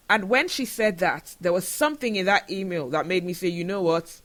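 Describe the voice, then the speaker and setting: Bright-voiced woman, impassioned host. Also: on the low side, moderate pace, few pauses. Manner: emotional, indignant, rhetorical questions. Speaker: show host. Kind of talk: impassioned monologue to camera.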